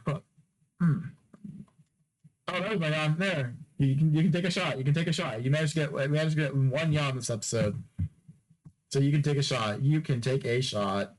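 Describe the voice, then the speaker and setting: A man's voice: on the high side, normal speed, pauses often, rough recording. A man hosting a podcast, rambling through a casual solo sign-off, joking with and teasing his listeners and repeating phrases over and over. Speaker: podcast host.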